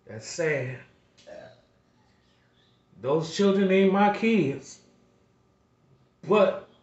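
A middle-aged man, a grandfather, speaking slowly and emotionally, repeating himself like a preacher as he talks to his viewers, close to tears. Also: medium pitch, darkish tone, reverberant, dull audio. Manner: slow, repetitive, preacher-like appeals. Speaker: vlogger. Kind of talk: emotional heartfelt monologue.

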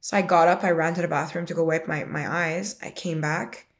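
Woman, twenties, lowish voice, vocal fry, casual storytelling, rambling, lots of "like", emotional. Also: fairly even intonation, a little fast. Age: 20s. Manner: rambling, full of "like" and restarts; emotional retelling. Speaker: interviewee sharing a personal story.

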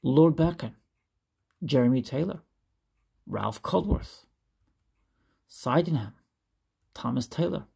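A woman's voice: a bass voice, animated, slow pace, gravelly, long pauses, warm tone, husky. A woman reading a classic essay aloud, careful and stumbling now and then over hard names. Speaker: reader.

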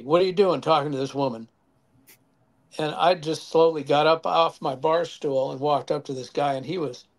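Older man, raised voice, chatty storyteller guest who acts out the quotes. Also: a little high. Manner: animated anecdotes with acted quotes and chuckles. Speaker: former band member guest. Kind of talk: casual storytelling interview.

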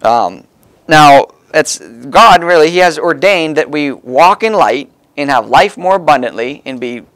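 A man's voice: on the high side, expressive, unhurried, fairly bright tone. A man preaching a sermon in a folksy, conversational way, stressing key words as he explains the text.

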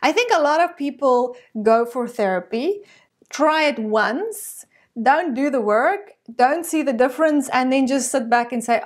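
A woman hosting a talk show, chatting in a lively way and acting out quotes. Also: high voice, unhurried. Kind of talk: casual chat.

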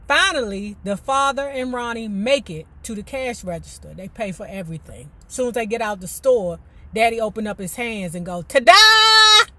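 A woman reading a memoir aloud and breaking off into animated, colloquial commentary. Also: mid-range voice, moderate pace. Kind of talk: book reading with casual commentary.

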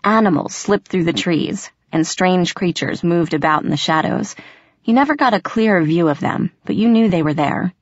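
Woman reading a fantasy audiobook, lowish voice, dull muffled sound. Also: normal speed, no room sound. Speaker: audiobook narrator. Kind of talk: scripted first-person narration.

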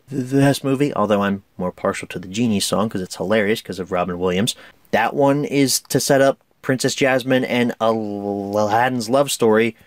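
A man's voice: mid-range voice, no echo, studio quality. A man giving a casual, chatty film review, enthusiastic and laughing often.

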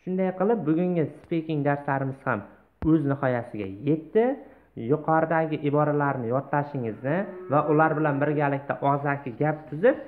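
A man teaching an online English lesson, reading word lists slowly and clearly. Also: fairly high pitch. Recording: tinny phone-like sound.

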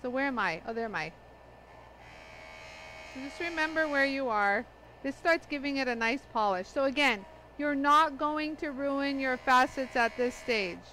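A woman's voice: high-pitched, normal speed, bright, forceful tone, a little hiss or hum, rough recording. A woman hosting a live product demonstration, chatty and laughing often as she greets viewers by name. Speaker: livestream demo host.

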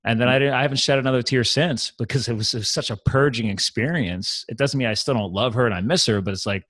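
As a podcast guest, a man speaks earnestly and openly, casually telling personal stories packed with "man" and "like." His mid-range voice is fast and a bit bright, with no room sound.

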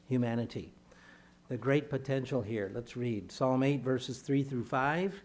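A man delivering a sermon as a pastor, speaking in measured phrases and lifting his voice when he reads scripture aloud. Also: medium pitch, a little mellow.

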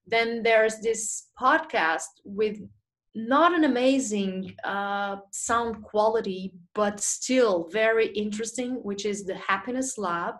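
A woman presenting a webinar, reading out audience questions and answering them in a chatty way with many fillers. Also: medium pitch. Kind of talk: live webinar Q&A. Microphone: small video mic or phone.

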